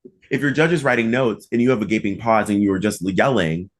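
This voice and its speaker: A man hosting a podcast, talking casually with lots of "like" fillers and animated emphasis. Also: lowish voice, fast talker. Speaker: podcast host and mock trial coach.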